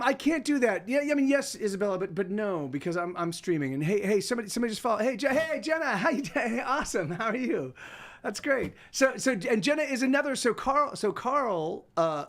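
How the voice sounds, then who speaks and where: A man's voice: sits high, expressive, brisk. A man chatting casually with his stream viewers, rambling and cutting himself off mid-sentence, laughing now and then. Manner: rambling, self-interrupting, laughs often. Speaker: livestreaming musician.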